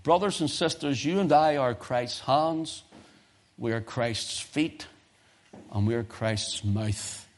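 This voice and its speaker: British preacher swinging quiet to loud. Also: male voice, slow. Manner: swings from quiet low musing to loud high-pitched exhortation. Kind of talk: sermon.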